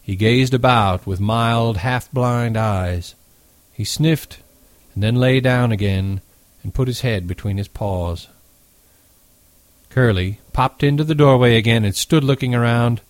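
A man narrating a novel as an audiobook in a steady, measured reading. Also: medium pitch, no echo.

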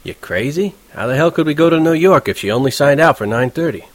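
Audiobook character: a male reader playing a vain, bossy prep-school boy, raised pitch, scolding. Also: expressive, fast, no room sound. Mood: curt, annoyed. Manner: loud, scolding outbursts.

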